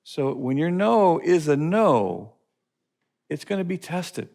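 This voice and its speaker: A man teaching a recorded class session, repeating phrases and telling lively stories. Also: on the high side, slow, vocal fry. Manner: repeats phrases, lively storytelling with put-on voices. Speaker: curriculum teacher.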